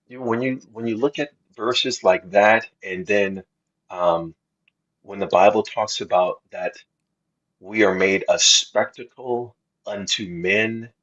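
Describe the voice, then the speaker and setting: Man, lower voice, husky, slow earnest Bible chat, dull lo-fi sound. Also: fairly bright tone. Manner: slow, earnest preaching tone with many restarts. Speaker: co-host of faith podcast. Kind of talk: casual Bible discussion.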